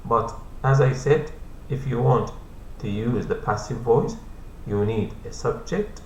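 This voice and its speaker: A man explains English grammar in a patient, repetitive classroom style, with Arabic as his first language. His voice sits at an ordinary middle pitch. He is recorded in an echoey room with a faint hum underneath. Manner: repeats points slowly, patient.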